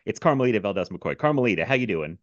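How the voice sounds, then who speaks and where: Low-voiced male podcast host, chatty. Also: big pitch swings, very fast, no room sound, lo-fi sound. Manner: rambling, laughs often. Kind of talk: casual chat. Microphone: video call.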